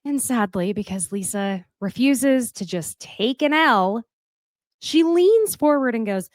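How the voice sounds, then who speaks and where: A woman giving a casual, opinionated recap of a reality show, candid and quick to swear. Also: a little high, expressive, dry recording.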